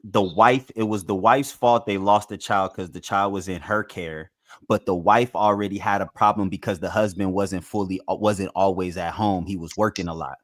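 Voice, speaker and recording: A man on a podcast, talking in halting starts and restarts, often saying "you know what I'm saying" in a casual brainstorming chat. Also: low-pitched, steady tone, dry recording, clean studio sound. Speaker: podcast co-host.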